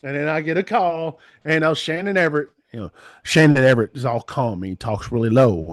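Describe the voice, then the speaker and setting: Animated, rambling male guest. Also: a little high, brisk. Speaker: interview guest, trucking commentator. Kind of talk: conversational interview.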